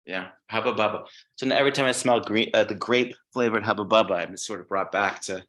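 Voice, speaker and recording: A man talking as a podcast guest, telling stories in a relaxed way and swearing casually. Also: on the low side, quick pace. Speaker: guest musician.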